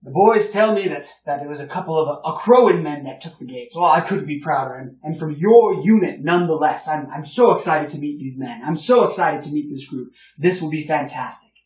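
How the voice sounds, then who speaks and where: A man voicing a boastful older nobleman who gushes praise in a loud, effusive, condescending way. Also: on the high side, animated, a little fast, hardly any pauses, natural voice. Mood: gushing. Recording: roomy, distant mic.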